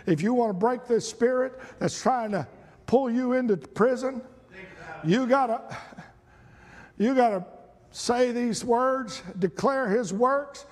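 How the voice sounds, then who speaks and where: A middle-aged pastor delivers a sermon in a strikingly high voice, taking his time over each phrase. He swings from quiet scripture reading to fervent, shouted exhortation. The sound rings with the long reverb of a large church hall. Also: slow pace, long pauses. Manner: rising to shouted, fervent preaching. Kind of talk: preaching sermon. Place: church sanctuary.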